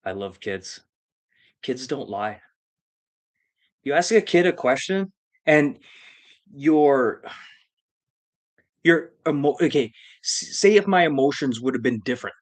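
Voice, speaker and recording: A man's voice: fairly high pitch, animated, a little slow, long pauses. Crude, rambling storytelling man. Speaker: live-stream host. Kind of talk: profane comedic storytelling.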